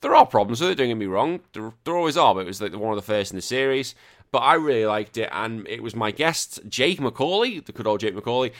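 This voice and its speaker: A man's voice: mid-range voice, lively intonation, brisk, a bit bright. A man hosting a casual gaming podcast, rambling and self-correcting with a joking tone. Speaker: podcast host.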